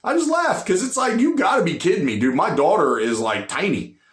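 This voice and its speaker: A man's voice: sits high, very animated, a little fast. Profane, fired-up male commentator, roomy sound. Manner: blunt, profane and emphatic, repeats for punch. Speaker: political commentary host. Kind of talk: ranting political commentary.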